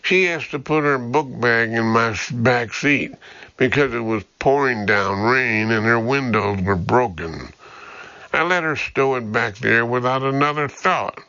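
A man's voice: mid-range voice, bright, forceful tone, dry recording, dull audio. A man voicing a determined female ex-cop who pleads her case steadily and earnestly.

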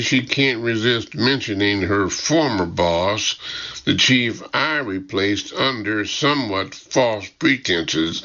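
A man narrating a first-person audiobook in a measured, wry way. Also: fairly low pitch, bright, forceful tone, muffled recording.

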